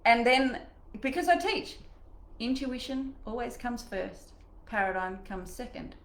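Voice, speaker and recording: Animated woman coaching in an echoey room. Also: on the high side, a little slow, a little hiss or hum. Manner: animated and chatty, acting out inner voices. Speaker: mindset coach. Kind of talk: live online coaching session.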